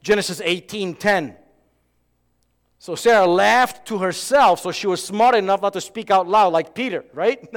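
A man preaching a sermon in an animated way, acting out dialogue and swinging from loud to hushed. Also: high voice, moderate pace, in a large hall. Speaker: pastor.

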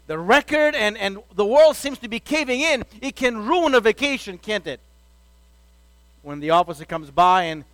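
A man's voice: sits high, fairly bright tone, no room sound. A man giving a sermon as a pastor, talking in an easy conversational way and acting out everyday quotes.

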